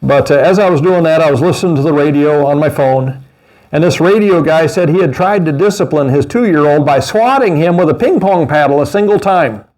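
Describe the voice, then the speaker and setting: High-voiced animated preaching man. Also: fairly quick. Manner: animated preaching with mocking asides and laughs. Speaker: pastor. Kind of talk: sermon.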